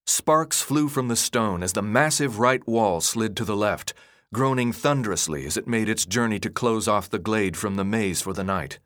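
A man reading a novel aloud in a dramatic, expressive narration style. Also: fairly low pitch, moderate pace, dry recording, clean studio sound. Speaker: audiobook narrator. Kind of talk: scripted narration.

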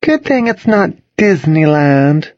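A woman's voice: sits low, sing-song, normal speed, darkish tone, breathy edge, dry recording, pitched above the performer's own voice, full character voice. A man voicing a sugary, spiteful teenage girl who mocks in a sweet tone. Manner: sweetly mocking. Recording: dull, dry lo-fi reading.

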